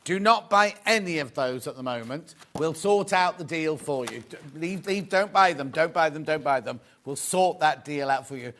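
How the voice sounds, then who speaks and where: A man presenting a live shopping show, talking briskly and repeating instructions to viewers. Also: a little high, pushed and bright, a little hiss or hum.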